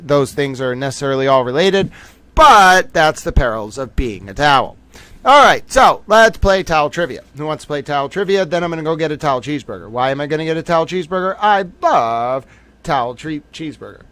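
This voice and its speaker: A man's voice: a little high, lively intonation, brisk, fairly bright tone, smooth, dry recording. A man hosting a livestream of a trial, talking casually to his viewers in a rambling, jokey, self-mocking way. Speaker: livestream host commenting on a trial.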